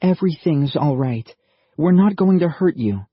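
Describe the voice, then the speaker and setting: A gentle young American woman, played by a male narrator, speaks softly and coaxingly, in a motherly, soothing way. Her voice sits well above the narrator's own. The sound is dry and slightly lo-fi. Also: a little high, animated, moderate pace, slightly rough, no echo, pitched above the performer's own voice.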